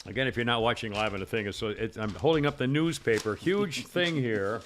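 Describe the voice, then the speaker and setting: A man's voice: medium pitch, fairly quick, fairly bright tone, a little hiss or hum. A man hosting a talk show, chatting bluntly and opinionatedly, often laughing. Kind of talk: casual talk show banter.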